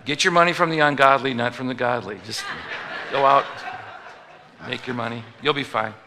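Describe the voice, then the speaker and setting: Bright-voiced pastor preaching in a reverberant hall. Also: male voice, mid-range voice, moderate pace, a little hiss or hum. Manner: jokey, acts out little voices for the people he quotes. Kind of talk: sermon. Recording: long reverb of a large hall.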